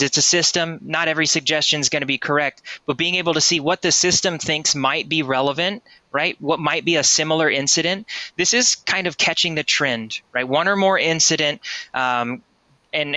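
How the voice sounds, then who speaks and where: A man presenting a live software demo in a webinar, explaining in a conversational way and often ending sentences with "right?". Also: fairly high pitch, dry recording.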